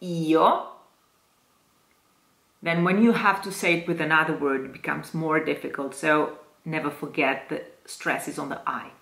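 A woman with an Italian accent teaching Italian diction to singers, modelling each word slowly and repeating it with care. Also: low-pitched, vocal fry, a bit bright, echoey room. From Italy. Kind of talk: slow, careful diction lesson.

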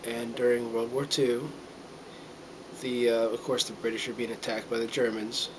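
A man's voice: medium pitch, level tone, moderate pace, background noise. A middle-aged man from the United States talking to a handheld camera in a casual, earnest monologue, rambling with many fillers and restarts and getting a little choked up. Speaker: vlogger.

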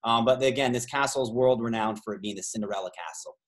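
A man's voice: medium pitch, fast. A man from Canada hosting a travel trivia game over a video call, rambling through side stories with many fillers. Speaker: trivia host and tour guide.

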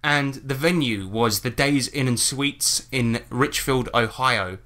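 A British man co-hosting a comedy podcast, telling stories in a jokey quiz-show way with deadpan disclaimers. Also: medium pitch, slow pace. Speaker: podcast co-host. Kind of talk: casual comedic podcast chat.

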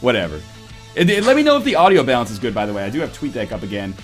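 A man's voice: mid-range voice, very fast. A man hosting a casual voice-call podcast, joking and reading a story aloud in a mock-dramatic way, often swearing. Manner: animated, profane, mock-dramatic. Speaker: podcast host. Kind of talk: casual chat and reading a visual novel aloud. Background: faint rock music.

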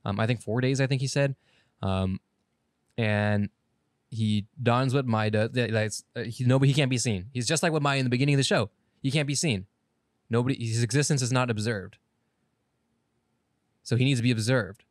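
A man's voice: mid-range voice, fairly quick, pauses often, no room sound, studio quality. A man co-hosting a podcast in casual chat, rambling through an anime plot, correcting himself and swearing casually. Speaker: podcast co-host.

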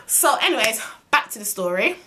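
A woman's voice: on the high side, a little fast. Chatty young woman telling a story. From Birmingham, England. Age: young adult. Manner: chatty, animated, swears freely. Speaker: vlogger. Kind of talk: casual storytime.

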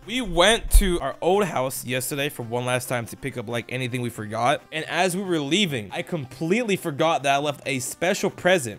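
A young man vlogging to his stream chat, crude and loud, laughing and bursting into shouts. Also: on the high side. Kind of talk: casual vlog chat to stream chat.

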